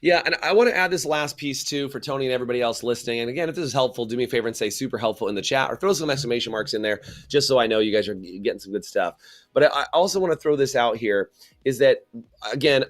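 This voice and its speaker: A man co-hosting a salon business talk show, giving casual advice and acting out little example scenes. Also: mid-range voice. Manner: animated, acts out little scenes.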